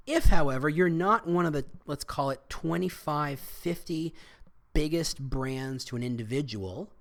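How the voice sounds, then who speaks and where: Rambling man musing on branding. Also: mid-range voice. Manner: rambling, self-interrupting, frequent restarts. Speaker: podcast host. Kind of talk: casual solo monologue.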